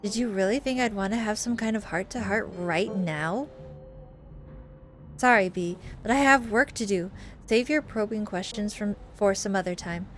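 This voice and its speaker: A woman's voice: mid-range voice, moderate pace, soft background music, lightly acted. A woman doing a brusque, dismissive cousin. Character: curt, guarded young woman cousin.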